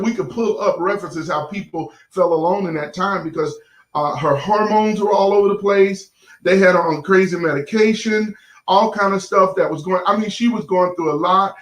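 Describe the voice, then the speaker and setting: A man's voice: high-pitched, normal speed, fairly bright tone. Folksy pastor man in an echoey room. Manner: folksy, addresses the audience as y'all, lots of fillers. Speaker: pastor and show host. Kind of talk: casual sermon-like talk to viewers.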